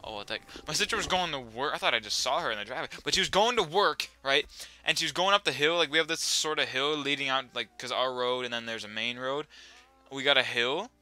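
A young man at home giving excitable, swearing commentary over his own gameplay, now and then yelling at his dog. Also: medium pitch, fast talker, no echo. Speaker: gaming YouTuber.

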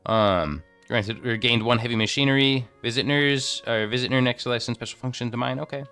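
A man's voice: medium pitch, fairly quick, sharp tone, clear, resonant tone, faint music behind. A young man streaming a video game, thinking aloud and rambling through menus in casual commentary into a desk microphone.

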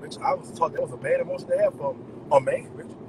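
A man venting to his viewers in an animated, profane, emphatic rant. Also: very high-pitched, fast talker, background noise. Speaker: vlogger. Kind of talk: ranting straight to camera.

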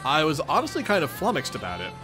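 A man's voice: a little high, huge pitch swings, quick pace, over music. A man reading as a sarcastic teen boy hero.

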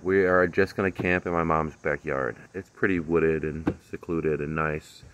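Man, very deep voice, laid-back, slangy, lots of ums, outdoor garden vlog, phone camera. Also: fairly even intonation, moderate pace, fairly bright tone, smooth, muffled recording. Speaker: vlogger. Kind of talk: casual chat.

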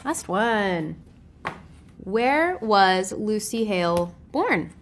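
Young woman, neutral American accent, chatty, self-deprecating, mid-pitched voice, faint hiss of background ambience. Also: very animated, very slow. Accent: neutral American, faint Southern. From Memphis, Tennessee, US. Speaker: actress answering web search questions. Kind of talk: casual chat.

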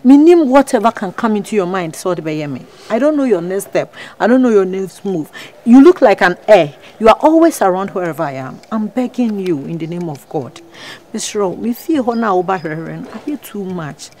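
A woman's voice: mid-range voice, big pitch swings, moderate pace, few pauses, dark tone. A woman with a Ghanaian accent playing a married woman begging a persistent man to leave her alone, in a web drama. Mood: pleading. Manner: pleading, exasperated.

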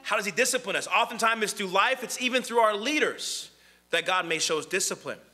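A young adult man preaching a conversational sermon, animated and acting out the voices he quotes. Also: sits high, a little fast.

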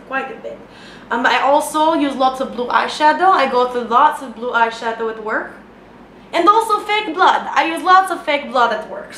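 A woman plays a high-voiced speaker with a thick foreign accent who talks in clipped, broken English. She leaves out her articles as she speaks. The sound is echoey, with a faint background hum. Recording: echoey room.

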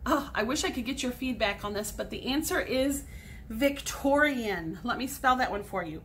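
A woman's voice: fairly high pitch, moderate pace, fairly bright tone, slight background noise. A woman in her forties, a sixth grade teacher, patiently explaining grammar step by step in a recorded lesson for students at home.

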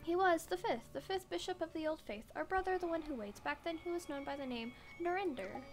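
A woman reading aloud the lines of a sorrowful, brooding ancient spider god from a video game, slow and solemn, in her own high voice. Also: animated. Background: game music.

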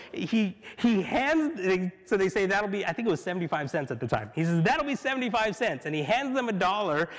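Pastor guy preaching, pretty high voice, lively storytelling, lots of echo from a big hall. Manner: animated storytelling with frequent laughs and restarts. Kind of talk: sermon. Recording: long reverb of a large hall.

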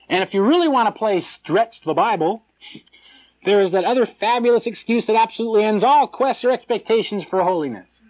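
Animated man preaching on dull tape. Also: high voice. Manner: animated, conversational preaching with mocking asides and chuckles. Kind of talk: live sermon.

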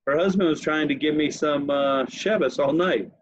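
A man's voice: a little high, moderate pace, dry recording, highs cut off. A man hosting a podcast, telling a long story in casual chat with laughs. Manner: animated, laughs while telling stories. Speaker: podcast host.

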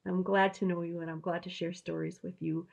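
A woman pastor with an Upper Midwest American accent, gently telling a story to children in a gentle, expressive way. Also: on the low side, brisk, creaky.

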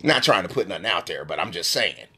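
A man hosting a live stream, ranting brashly and profanely in casual trash talk, with his voice often jumping high when he gets worked up. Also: big pitch swings, fast, sharp tone, slightly rough. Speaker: live-stream sports show host. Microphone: phone.

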